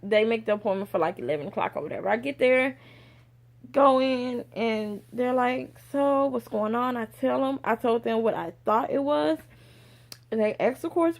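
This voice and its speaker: A young adult woman telling a personal story in a casual vlog, animated and acting out what others said. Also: a little high, moderate pace, creaky. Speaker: vlogger.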